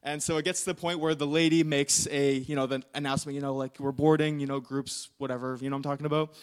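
Young guy preaching, kinda high voice, loose rambly storytelling w lots of "like" and "you know". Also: flat delivery, fast talker, clear, resonant tone. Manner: casual storytelling with many fillers. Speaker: pastor. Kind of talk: sermon.

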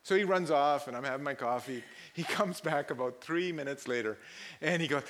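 Pastor mid-sermon, animated storyteller, bright and a touch high. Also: male voice, fairly quick. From Pakistan. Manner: animated, laughing, acts out quoted people loudly.

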